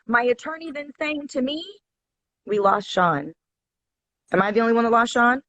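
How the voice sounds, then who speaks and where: A woman's voice: a little high, animated, moderate pace, fairly bright tone. A woman guest in a casual chat, telling a story in a heated, profane, emphatic way over a live video call. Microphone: live online video call. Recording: dry, dull lo-fi stream audio.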